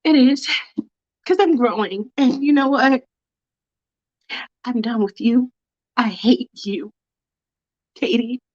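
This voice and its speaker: A woman's voice: on the high side, takes it slowly, pauses often, a little mellow, dull audio, voice pushed down. A woman voicing an angry, cold-hearted teenage girl who cusses and cuts her friend down. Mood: furious. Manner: cutting, cussing, furious.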